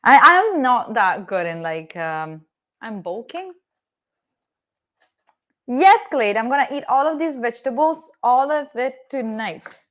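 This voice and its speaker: A young Italian woman livestreams from her home kitchen with the door open, cooking while chatting playfully with viewers and swearing now and then. Her voice is a little high and fairly bright, with lively intonation and an unhurried pace.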